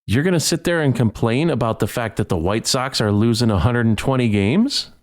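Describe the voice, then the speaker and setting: A man's voice: medium pitch, animated, a little fast. A man hosting a solo sports podcast, ranting heatedly and stumbling over repeated words. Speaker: podcast host.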